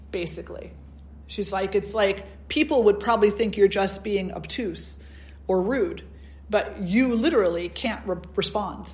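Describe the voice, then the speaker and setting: Storytelling woman spiritual teacher. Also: mid-range voice. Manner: storytelling, acts out quoted dialogue. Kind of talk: storytelling talk at a satsang.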